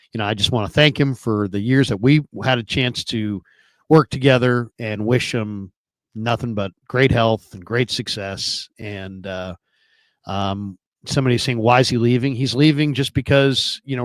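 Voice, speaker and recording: A man's voice: lowish voice, no room sound. A man in his forties hosting a sports podcast, talking casually in a hesitant, thoughtful way. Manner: hesitant, full of ums, thoughtful. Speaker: podcast host.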